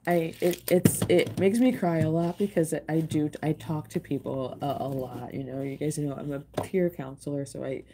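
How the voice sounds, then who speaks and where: Woman, low voice, casual livestream chat, rambling, emotional, restarts often. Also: steady tone, normal speed, hardly any pauses, background noise. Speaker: livestream host and tarot reader.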